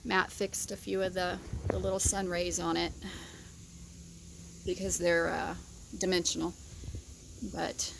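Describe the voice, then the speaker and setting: A woman's voice: lowish voice, flat delivery, measured pace, creaky, long pauses. A woman in her forties giving a casual vlog tour, rambling fondly through memories with lots of fillers and getting choked up, recorded on a handheld phone outside a windy craft shed. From southern Indiana. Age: 40s. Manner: rambling, fond reminiscing with frequent fillers. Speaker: craft vlogger.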